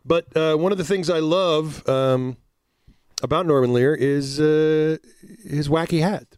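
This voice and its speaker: A man co-hosting a podcast in casual, wisecracking banter, his voice sitting a bit high for a man. He is recorded close and dry with no room sound. He swears freely and slips into goofy voices. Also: a little slow, darkish tone, clear, resonant tone, dry recording. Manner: joking, profane, does silly voices. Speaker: podcast co-host.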